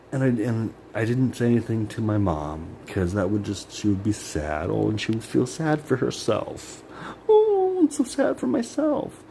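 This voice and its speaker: This vlogger's voice is on the low side and mellow, heard over slight background noise. He rambles through an emotional personal monologue, bitter and profane, with "like" peppering his talk.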